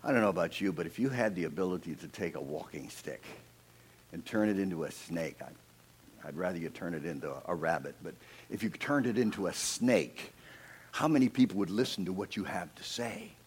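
Animated middle-aged male preacher. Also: sits low, brisk, breathy edge. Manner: animated storytelling, dramatic shifts between soft and loud; earnest, personal asides. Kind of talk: sermon.

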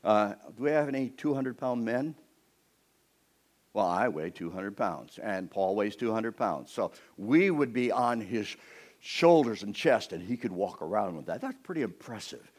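A man preaching a sermon, telling a story with lively energy and talking straight to the congregation. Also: lowish voice, unhurried. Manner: animated storytelling, addresses the congregation.

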